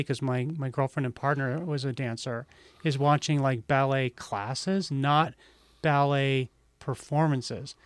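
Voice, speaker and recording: Man co-hosting a podcast, rambling, slightly higher voice, dry close sound. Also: no room sound. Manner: rambling, heavy use of "like" fillers. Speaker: podcast co-host. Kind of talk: casual podcast chat.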